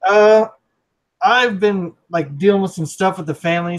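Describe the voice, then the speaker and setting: Excited rambling man, slightly high voice. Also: moderate pace, rough recording. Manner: rambling and enthusiastic, lots of fillers and restarts. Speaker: podcast co-host. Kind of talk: casual chat.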